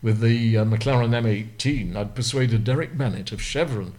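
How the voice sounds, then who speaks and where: Older man, Lancashire accent, lively anecdotal storyteller, mid-pitched voice, interview guest. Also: moderate pace. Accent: Lancashire English. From Lancashire, England. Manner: vivid storyteller, acts out the people he quotes. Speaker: guest, retired racing driver.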